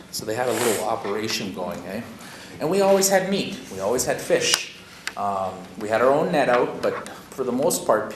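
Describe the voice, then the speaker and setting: A man from Canada leading a workshop, telling stories in a folksy, conversational way with a lot of "eh?" and "you know?". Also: mid-range voice. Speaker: workshop facilitator. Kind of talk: storytelling in a workshop talk. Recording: echoey room with audible noise.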